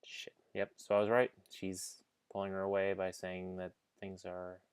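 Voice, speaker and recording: Deep-voiced male reactor, casual and chatty, dry close sound. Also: completely flat delivery, moderate pace, clean tone, dry recording. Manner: chatty and easily amused, talks to his dog. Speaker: reaction video host.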